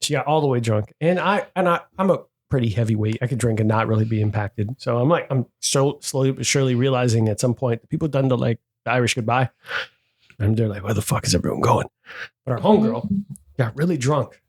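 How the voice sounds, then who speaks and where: A man's voice: medium pitch, fast. A man hosting a podcast, telling rowdy stories in casual chat, swearing freely and acting out quotes. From Dominican heritage. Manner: animated storyteller, swears freely, acts out quotes. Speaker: podcast host.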